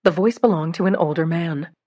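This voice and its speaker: A woman reading a novel aloud as an audiobook narrator, in an expressive, steady storytelling way. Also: fairly low pitch, a little fast, no room sound, clean studio sound. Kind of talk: scripted narration.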